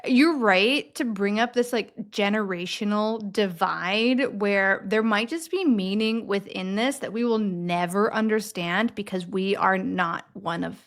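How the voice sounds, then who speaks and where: A woman's voice: medium pitch, unhurried, few pauses. A woman in her thirties co-hosting a podcast, chatting casually and backing up her co-hosts. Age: 30s. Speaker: podcast co-host. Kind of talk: casual chat.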